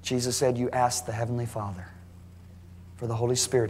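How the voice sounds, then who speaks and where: A man preaching a sermon to a congregation, emphatic and rising to near shouting at high points. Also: little pitch movement, brisk, slight background noise. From United States. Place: large church hall. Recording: live sermon in a reverberant hall.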